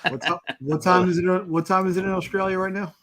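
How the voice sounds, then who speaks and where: A man with a Brooklyn accent drops into the chat with friendly, streetwise greetings. His voice is fairly high, and there is faint noise in the background. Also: fairly even intonation, fast talker, a bit bright. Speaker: caller. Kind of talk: casual chat.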